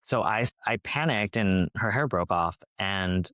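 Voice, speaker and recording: A young man, a hairstylist guest, telling stories in a chatty, animated way with lots of fillers. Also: on the low side, a little slow, no room sound, lo-fi sound. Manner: chatty, animated storyteller with many "like"s. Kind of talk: casual podcast interview.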